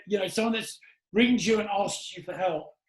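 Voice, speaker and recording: A man's voice: high-pitched, moderate pace, reverberant, poor audio. A man hosting a casual interview, talking earnestly and with emphasis. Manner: earnest, emphatic, often asks "do you get what I'm saying". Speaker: podcast host.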